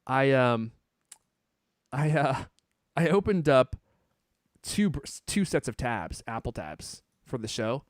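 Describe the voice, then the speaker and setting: Lively joking podcast host man. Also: mid-range voice, takes it slowly, long pauses, no room sound, clean studio sound. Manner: animated, joking, many fillers and restarts. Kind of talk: casual podcast chat.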